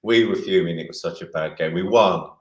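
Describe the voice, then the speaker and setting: A man's voice: low-pitched, brisk, dull audio. A middle-aged man, a former footballer, rambling through anecdotes in an interview with many restarts. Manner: rambling storyteller, many restarts and acted quotes. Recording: roomy echo.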